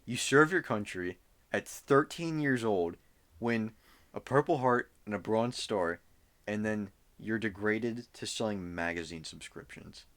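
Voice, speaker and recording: A man's voice: lowish voice, a little slow, a bit bright. A young man co-hosting a podcast, telling a story loosely in casual chat, with fillers and swearing. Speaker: podcast co-host.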